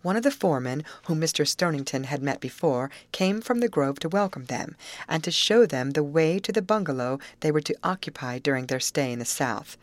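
Woman, audiobook narration, low pitch, expressive storytelling cadence, close mic. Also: fairly quick, dry recording. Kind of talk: audiobook narration of a 1913 girls' novel.

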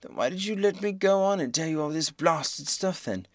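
A man voicing an indignant old sailor who sputters in rough, colloquial talk. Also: fairly high pitch, animated, normal speed, pitched above the performer's own voice. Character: indignant seafaring man, blustering and quick to anger.

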